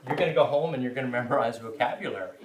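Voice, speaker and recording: A man teaches a language class in a chatty, informal, self-deprecating way, frequently checking in with students by asking "right?" His medium-pitched voice races along, and the recording sounds roomy and distant with faint hiss.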